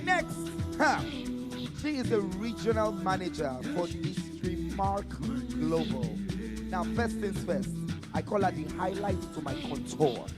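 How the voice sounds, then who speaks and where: A high-pitched man with a Nigerian accent emcees a live expo stage, teasing and hyping guests with playful sing-song flair. Music plays clearly behind him. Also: lively intonation, unhurried, in a large hall. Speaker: event host. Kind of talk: lively live event emceeing.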